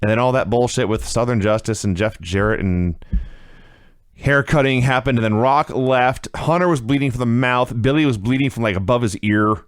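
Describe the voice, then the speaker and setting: A man co-hosts a casual podcast and recaps events with sarcastic, animated commentary. His voice sits at a middle pitch. The sound is dry and close, with no room echo. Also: moderate pace, smooth. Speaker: podcast co-host reviewing wrestling.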